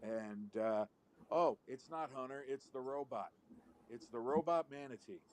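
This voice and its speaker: A man's voice: medium pitch, a little slow. A man on a live call-in show, rambling wryly in casual chat and swearing now and then.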